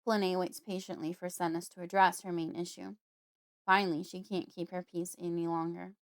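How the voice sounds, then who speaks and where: A woman, the author and host, reading her own novel aloud in a casual audiobook style with a steady, expressive delivery. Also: on the low side, normal speed, no echo, studio quality.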